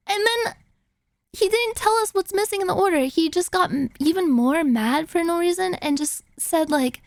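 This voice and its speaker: Young woman, high-pitched, vocal fry, streamer storytelling, casual, sweary, acts out quotes, close dry mic. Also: moderate pace, dry recording. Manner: animated, filler-heavy, swearing, acts out quotes.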